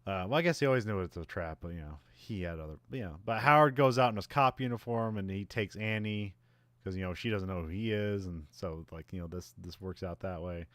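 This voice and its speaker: A podcast host recapping a film in a casual, rambling way, full of fillers and restarts, laughing at the plot now and then. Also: male voice, low-pitched, a little fast, fairly bright tone, no echo.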